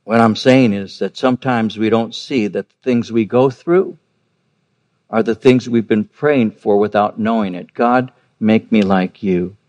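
A man's voice: lowish voice, unhurried, darkish tone. A man in his fifties or older preaching a sermon, telling a personal story earnestly and repeating words for emphasis. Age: 50s or older. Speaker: pastor.

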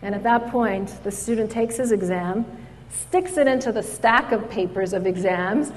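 A woman giving a storytelling speech at an event, lively as she acts out the people in her stories. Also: mid-range voice, normal speed, a little hiss or hum. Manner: animated storyteller, acts out quoted voices. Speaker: speaker at an event. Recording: hall reverb.

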